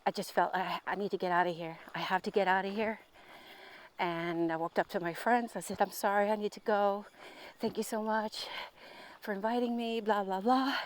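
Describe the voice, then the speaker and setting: A woman telling a personal story while walking outdoors, candid and bubbly, laughing often. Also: medium pitch. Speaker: vlogger on a walk.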